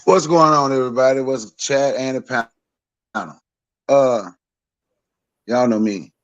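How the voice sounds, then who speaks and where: A man's voice: medium pitch, slow, dry recording, muffled recording. A man in his forties speaking as a podcast panelist in a blunt, profane, heated rant.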